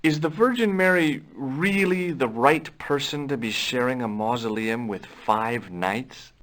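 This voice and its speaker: A man's voice: mid-range voice, unhurried, a bit bright, lightly acted. An actor voicing a curious young adventurer in a video game, asking questions in a casual, dry way and narrating his story. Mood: inquisitive.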